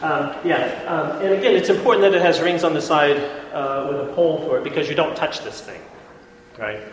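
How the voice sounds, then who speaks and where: A man with a fairly high voice gives an informal classroom lecture at a fairly quick pace. He's chatty and keeps checking in with "right?", and the echoey hall carries faint room noise.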